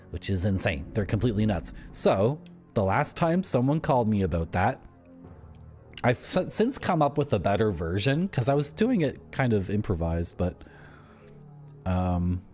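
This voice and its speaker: A man's voice: lowish voice, a little mellow. A man streaming a game, telling a rambling, wry story as he plays. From Southern Ontario, Canada. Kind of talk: casual gameplay commentary. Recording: faint music behind.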